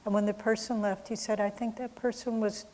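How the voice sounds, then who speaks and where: A woman's voice: medium pitch, flat delivery, brisk, a little mellow. A woman with a mid-range voice speaking as a spiritual teacher. She tells stories in a conversational way and voices quotes, and her voice carries a long hall reverb. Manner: conversational storytelling with quoted asides. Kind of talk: satsang talk with stories.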